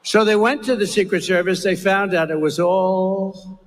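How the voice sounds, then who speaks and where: Older man booming through rally reverb. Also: normal speed. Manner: rambling, repetitive, emphatic. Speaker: political rally speaker. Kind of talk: rally speech. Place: large campaign rally venue. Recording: long reverb of a rally hall.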